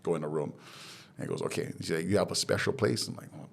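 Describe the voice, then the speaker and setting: A man's voice: low-pitched, quick pace, vocal fry, a little hiss or hum. A man from Hawaii, a podcast guest, telling his life story candidly and acting out the dialogue he quotes. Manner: animated retelling, acts out quoted dialogue.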